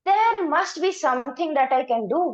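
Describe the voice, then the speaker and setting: A woman voicing a panicky little male chick who squeaks and cries out in short repeated calls. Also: lively intonation, moderate pace, lo-fi sound. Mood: thoughtful.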